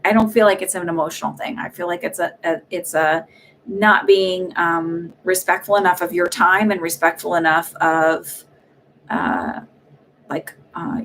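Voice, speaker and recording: A woman's voice: fairly low pitch, a little slow, fairly bright tone, a little hiss or hum. A woman hosting live psychic readings, talking in a chatty way with many fillers and restarts. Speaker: psychic medium host.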